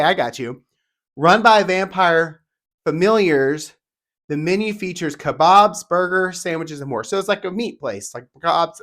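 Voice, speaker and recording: Male vlogger, upbeat and chatty, fairly high-pitched, rapid-fire delivery. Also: a bit bright. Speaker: theme park vlogger. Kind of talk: casual solo video talk, reading descriptions aloud.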